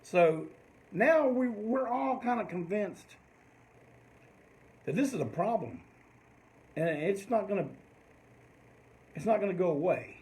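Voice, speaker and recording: A man's voice: sits high, animated, takes it slowly, long pauses, darkish tone, low-quality recording. An older man, telling a long rambling story in casual talk and swearing freely. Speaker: host of a live stream.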